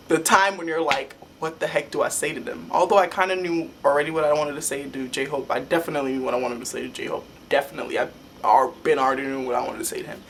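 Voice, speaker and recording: A young woman telling a story to her vlog camera in a rambling, excitable way, full of "like" fillers. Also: sits low, quick pace, a little hiss or hum. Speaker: vlogger. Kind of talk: casual fan storytelling.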